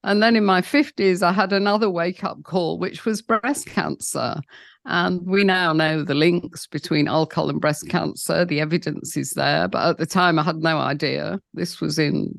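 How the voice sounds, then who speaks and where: A woman in her sixties with a British accent speaks candidly about her past. Her voice has a gravelly texture, and the sound is close and dry. She leans on "you know" and slips in wry laughs. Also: fairly low pitch, fairly even intonation, normal speed, no echo. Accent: British English. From Britain. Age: 60s. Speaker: guest. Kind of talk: personal storytelling interview.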